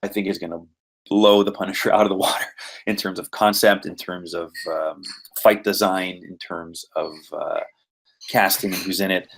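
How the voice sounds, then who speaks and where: A deep-voiced man from Quebec, a voice and motion capture actor, talks at a normal speed with vocal fry and a slightly rough quality. In a rambling podcast interview he goes through his roles in an animated way, packing his speech with fillers.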